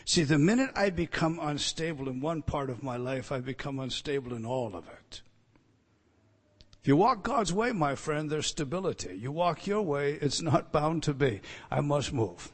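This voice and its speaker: A man preaching a sermon, swinging between loud emphatic teaching and quiet storytelling. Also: on the high side, lively intonation, moderate pace, breathy edge. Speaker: pastor. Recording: long reverb hall.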